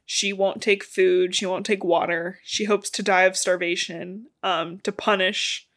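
This woman's mid-range voice stays steady and unhurried, with a fairly bright tone. Co-hosting a podcast, she chats casually through a novel's plot, swearing now and then.

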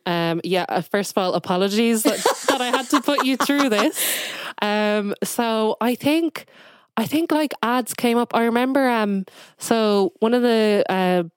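Rambling young woman, smooth voice. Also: on the high side, unhurried, no echo, clean studio sound. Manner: rambling, heavy on "like" and "um". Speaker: guest. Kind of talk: casual podcast chat.

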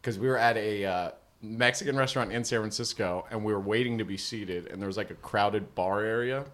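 A man's voice: fairly low pitch, fairly quick. A man co-hosting a podcast in casual chat, telling stories and acting out what people said. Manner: animated storyteller who acts out quotes.

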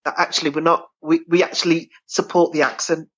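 A woman from Birmingham with a Brummie accent, chatting as an actor guest in an interview, telling lively stories. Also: low-pitched, fairly quick, husky, lo-fi sound. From Birmingham, England. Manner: lively, expressive storyteller who acts out voices. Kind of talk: casual interview chat.

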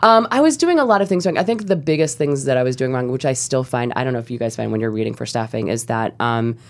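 A woman guest on a panel interview, telling stories wryly and quickly, often laughing. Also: rumbling low, animated. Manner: wry, quick storytelling with frequent laughs. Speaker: TV writer guest.

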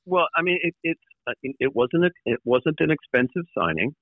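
A man guest in an interview, recalling his years in the record business in a halting way, with many fillers and restarts and the odd wry laugh. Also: on the high side, very animated, dry recording, phone-quality sound. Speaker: former record label executive, guest. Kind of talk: conversational interview storytelling.

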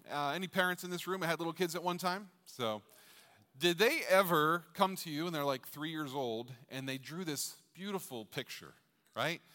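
A middle-aged male pastor delivers his sermon in a loose, joking way, asking the crowd questions as he goes. His voice is bright and forceful. It carries through a large church hall with a long reverb tail. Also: a little high. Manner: jokey, chatty, asks the crowd questions. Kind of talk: sermon with jokes.

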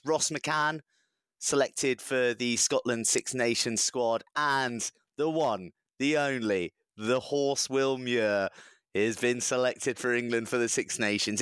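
A man co-hosting a casual rugby podcast, telling lively anecdotes and laughing often. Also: medium pitch, smooth, no echo. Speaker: podcast co-host. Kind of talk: casual rugby chat and storytelling.

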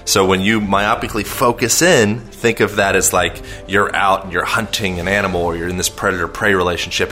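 Deep-voiced rambling man explaining. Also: fairly even intonation, a little fast, bright, forceful tone, faint music behind. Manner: rambling, filler-heavy, self-aware long-winded talk. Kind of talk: casual conversational explanation.

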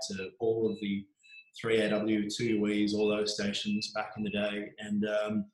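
Chatty Australian man, roomy sound. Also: on the low side. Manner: chatty, frequent ums, animated anecdotes. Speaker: journalist guest. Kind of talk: casual interview storytelling. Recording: roomy echo.

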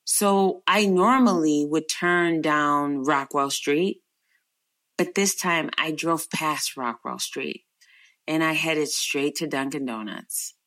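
A woman's voice: low-pitched, takes it slowly, fairly bright tone. A woman telling an emotional personal story in a conversational way, repeating phrases for emphasis. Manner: earnest, emotional, faith-filled storytelling.

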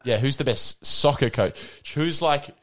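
A man co-hosting a casual sports podcast, laid-back and quick to laugh. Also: medium pitch, a bit bright. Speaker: podcast co-host.

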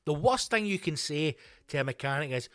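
A man's voice: on the high side, brisk, no echo, studio quality. Swearing Scottish man telling a story. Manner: profane, animated, self-mocking. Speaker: comedian podcast host. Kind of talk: comic storytelling monologue.

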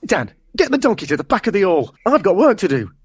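A man's voice: high-pitched, huge pitch swings, fast talker, a little hiss or hum. A man playing a harried, exasperated man directing a village nativity play in an audio comedy. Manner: brusque and exasperated.

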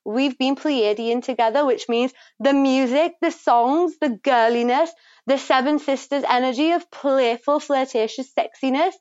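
A woman giving a psychic reading, talking passionately and quickly, swearing freely and affirming the listener. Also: high-pitched, darkish tone, clear, resonant tone, no echo. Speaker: psychic reader and guest. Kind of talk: intuitive reading, casual and emphatic. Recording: dry, slightly muffled recording.

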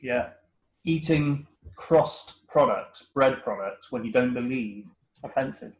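A man's voice: medium pitch, slow pace, poor audio. A man with a West Country English accent, co-hosting a casual podcast chat, teasing and laughing often. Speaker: podcast co-host.

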